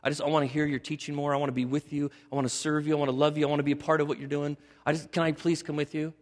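A man voicing a healed man who eagerly pleads to follow along, speaking quietly. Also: fairly high pitch, flat delivery, racing, long reverb tail, natural voice. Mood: pleading.

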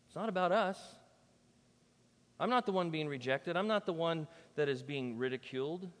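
A man preaching a sermon as pastor, emphatic and conversational, swinging between loud declarations and soft, quiet asides. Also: on the high side, animated, moderate pace, long reverb tail. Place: church.

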